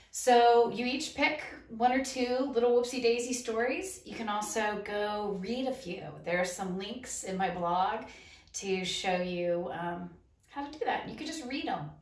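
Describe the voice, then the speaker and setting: A woman's voice: medium pitch, unhurried. A woman hosting a casual talk and telling her own funny stories, laughing often mid-sentence. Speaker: laughter coach and host. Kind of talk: casual storytelling. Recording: echoey room, mic set at a distance.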